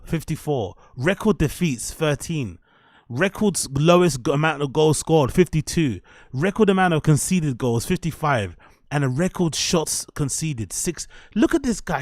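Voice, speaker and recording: A man hosting a live stream, ranting and swearing heavily about his football club, then calming down and muttering as he greets viewers. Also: fairly high pitch, no echo, studio quality. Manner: subdued and muttering after the rant. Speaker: streamer and show host.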